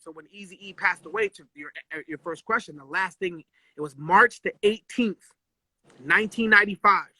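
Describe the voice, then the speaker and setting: A high, very bright male voice telling animated, slangy stories in a casual live chat, swearing freely and acting out the people he quotes. The sound is close and dry, captured on a phone. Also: brisk, no room sound. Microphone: phone live stream.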